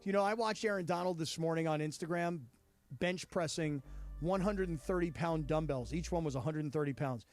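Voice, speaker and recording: A man's voice: fairly high pitch, brisk. A man co-hosting a sports radio show, laid-back and ribbing his colleagues. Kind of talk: casual studio banter.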